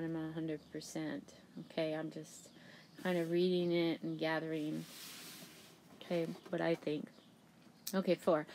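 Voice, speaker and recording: A woman with a lowish voice walks students through a text in a relaxed, chatty way. She leans on fillers like "okay" and "um" as she puts ideas in her own words. A faint hum of background noise sits under her voice. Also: poor audio. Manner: plain, chatty paraphrasing with many "okay" and "um" fillers. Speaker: teacher. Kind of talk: casual classroom explanation.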